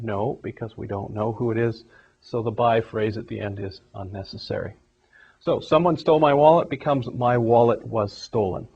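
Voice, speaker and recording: Male English teacher, steady explanatory delivery, middle pitch, dull lo-fi recording. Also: slightly rough. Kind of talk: grammar lesson.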